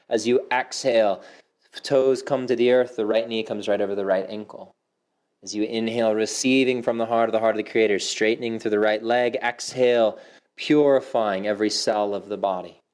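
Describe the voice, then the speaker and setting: A man teaching a yoga class, giving slow, soothing cues with audible sighs and sometimes dropping to a soft whisper. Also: mid-range voice. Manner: drops to a soft whisper for affirmations. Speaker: yoga instructor. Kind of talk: guided yoga class instruction.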